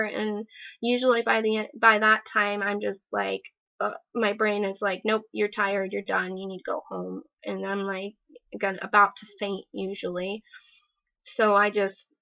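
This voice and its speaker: A woman's voice: medium pitch, creaky, a bit bright. A woman vlogging casually, chatty and rambling with many fillers and self-deprecating laughs. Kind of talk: casual personal vlog. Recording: dull lo-fi sound.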